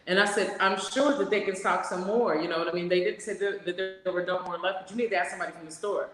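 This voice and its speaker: A woman co-hosting a casual chat podcast, telling stories with lively acted-out voices for the people in them. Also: quick pace, hardly any pauses. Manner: acts out both sides of her stories with big jumps in pitch. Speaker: podcast co-host. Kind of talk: casual chat, animated storytelling. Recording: very echoey room with long reverb.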